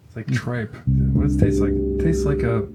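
Man reacting with quick podcast interjections. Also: medium pitch. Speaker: podcast co-host and musician. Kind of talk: casual podcast chat. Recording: loud guitar music behind the talk.

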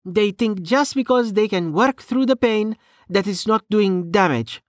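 A man voicing a brisk woman healer who speaks in a matter-of-fact way. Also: high voice, dry recording, clean studio sound, pitched above the performer's own voice.

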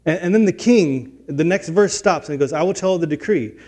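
A man's voice: a little high, fairly quick, darkish tone. A middle-aged man preaching a sermon, earnest and building to emphatic peaks, with frequent restarts. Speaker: pastor.

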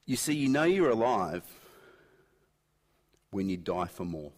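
A middle-aged man preaching a sermon, swinging between loud emphatic peaks and quiet intensity. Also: on the low side, big pitch swings, unhurried. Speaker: pastor. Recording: long hall reverb.

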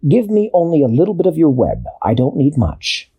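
A man voicing a brave male captain in a told story, giving firm, calm commands. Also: on the high side, normal speed, husky, pitched above the performer's own voice, full character voice.

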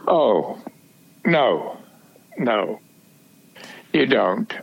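A man guest in a casual chat, soft-spoken and halting, often murmuring agreement. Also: medium pitch, big pitch swings, vocal fry, breathy edge, lo-fi sound.

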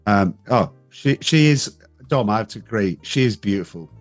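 A man's voice: lowish voice, animated, normal speed, dry recording, faint music behind. A man co-hosting a podcast, chatting casually about films in a teasing, wry way. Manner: teasing, wry, listing facts. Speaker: podcast co-host. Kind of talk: casual film discussion.

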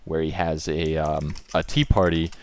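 A man's voice: extremely low pitch, little pitch movement, moderate pace. A man chatting casually and joking, rambling through bits and doing goofy impressions. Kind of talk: casual chat.

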